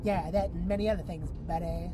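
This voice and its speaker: A man's voice: sits high, steady tone, a little fast, noisy background, natural voice. A man voicing a smug, pushy male scientist, brash and dismissive. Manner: calls everyone buddy, brash and dismissive.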